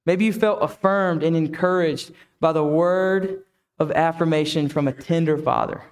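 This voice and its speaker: A man's voice: on the high side, moderate pace, clean tone. A man preaching a reflective sermon who asks the listeners many questions. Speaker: pastor.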